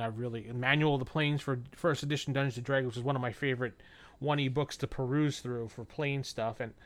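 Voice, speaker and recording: Rambling man co-hosting a podcast. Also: mid-range voice. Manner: rambling, animated, acts out quoted voices. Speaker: podcast co-host. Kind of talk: casual chat.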